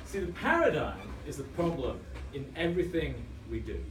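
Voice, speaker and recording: A club speaker in his thirties gives a dramatic storytelling speech in a function room, his voice a little high for a man and swinging hugely in pitch at a normal speed. He drops to a hush to build tension. The sound is roomy and distant, with a faint ambient hum behind it.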